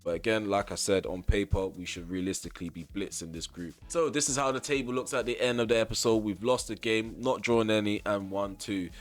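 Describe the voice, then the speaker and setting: A young man commentating on his football video game, ranting at the referee, then calmly recapping for viewers. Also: on the low side, brisk, hardly any pauses. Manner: exasperated ranting at the referee, shouting. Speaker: gaming YouTuber. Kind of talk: gameplay commentary.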